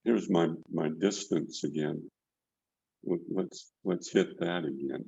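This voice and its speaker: Over a video call from an indoor studio, an older painting instructor demonstrates as he paints, talking loosely and repeating words while he works. His voice is low, slow, creaky, husky and warm, picked up by the call's mic with no echo but dull audio.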